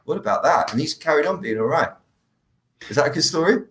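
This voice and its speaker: A man on a live stream telling a story with animated delivery, slipping into hushed, dropped tones when he quotes himself. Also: a little high, fairly quick, echoey room. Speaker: guest healer.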